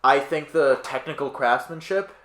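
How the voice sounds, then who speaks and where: A young man co-hosting a podcast, rambling through film opinions with fillers, quick asides and easy laughs. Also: mid-range voice, fairly bright tone. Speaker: podcast co-host. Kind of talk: casual film review chat. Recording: roomy echo.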